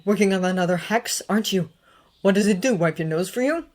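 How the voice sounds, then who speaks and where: A woman's voice: medium pitch, lively intonation, brisk, natural voice. A woman voicing a cocky teenage wizard bully who taunts and mocks, in a read-aloud fan story. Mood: taunting. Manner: taunting, mocking, loud.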